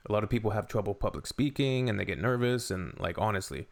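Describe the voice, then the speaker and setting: Canadian man, low gravelly voice, opinionated reaction commentary, casual. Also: fast talker. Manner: chatty, opinionated, frequent fillers. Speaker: reaction video host.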